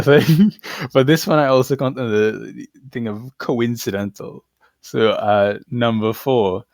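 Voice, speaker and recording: A male podcast co-host, medium in pitch, laughs while casually retelling stories in an irreverent, slangy way. The recording is dry, and the talk is a casual chat.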